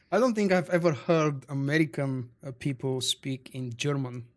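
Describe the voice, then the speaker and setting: A man's voice: a little high, a little slow. A man streaming a game live, chatting casually with viewers, greeting them by name and answering their messages. English is not his first language. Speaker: livestream gamer reading chat. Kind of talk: casual live-stream chat over gameplay.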